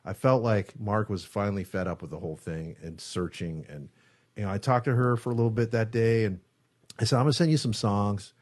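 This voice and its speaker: A man's voice: on the low side, brisk, darkish tone. A male guitarist in a studio interview, telling a story casually, acting out quotes and swearing freely. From San Francisco Bay Area. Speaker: guest guitarist.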